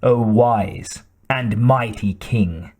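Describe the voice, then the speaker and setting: A man voicing a sinister male cult priest who speaks softly and without expression. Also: medium pitch, expressive, takes it slowly. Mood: cold. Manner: soft, toneless, expressionless.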